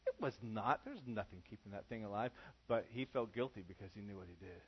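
A man's voice: on the low side, quick pace, husky, dull audio. A man preaching a sermon to a congregation in a church, casual and conversational in how he talks. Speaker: pastor.

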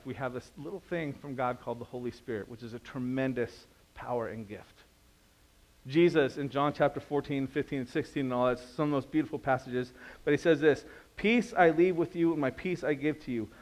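A pastor preaching a sermon in a conversational, storytelling way, asking the audience questions and swinging between quiet and loud. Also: male voice, medium pitch, a little fast.

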